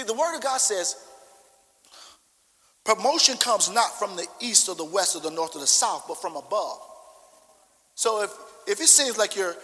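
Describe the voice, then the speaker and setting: A man's voice: high-pitched, pushed and bright. A man pastor preaching a fervent sermon with emphatic, repeated declarations, recorded in a church. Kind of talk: sermon with congregational prayer. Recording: long echo of a large church hall.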